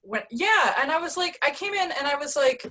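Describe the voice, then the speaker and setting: A woman hosting a podcast interview, relaxed and chatty, laughing easily. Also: sits high, a little fast. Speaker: podcast host. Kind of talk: casual interview chat.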